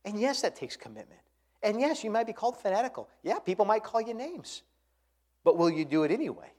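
A man preaching a sermon, swinging between quiet, earnest passages and loud, impassioned ones. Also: a little high, animated, brisk. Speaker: pastor.

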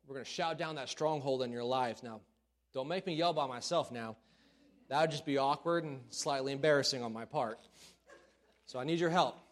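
A man preaching a sermon in a church, folksy and self-deprecating, then building to loud calls to the congregation. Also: medium pitch, normal speed. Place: church sanctuary.

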